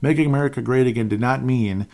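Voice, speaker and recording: A man's voice: mid-range voice, fast talker, gravelly, darkish tone. A man in his fifties hosting a political podcast, talking in a rambling, opinionated monologue and chuckling between points. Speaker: podcast host.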